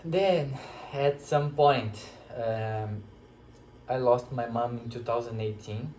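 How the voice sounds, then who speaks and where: Man, slow unhurried delivery, emotional and reflective, pausing often, roomy echo. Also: medium pitch, a little mellow, a little hiss or hum. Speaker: spiritual teacher sharing a personal experience. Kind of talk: reflective personal storytelling. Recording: echoey room.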